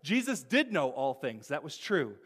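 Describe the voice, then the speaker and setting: A man preaching a sermon in a conversational way, often asking "right?", laughing softly and repeating words as he restarts. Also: a little high, sing-song, normal speed, breathy edge. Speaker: pastor.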